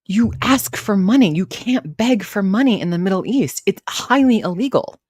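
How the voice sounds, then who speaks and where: A woman's voice: medium pitch, lively intonation, moderate pace, a little mellow, no echo. A woman hosting a casual live stream, chatting and rambling as she reads posts aloud and greets viewers in the chat. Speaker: livestream host reacting to commentary.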